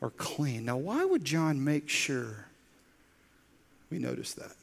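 A man preaching a sermon as pastor, telling the story with lively acted-out quotes and dropping into soft, intense lines. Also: a little high, slow, vocal fry.

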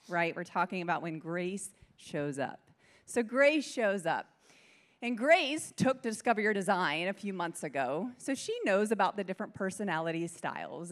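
Woman telling a church story, animated. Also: fairly high pitch. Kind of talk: sermon with story.

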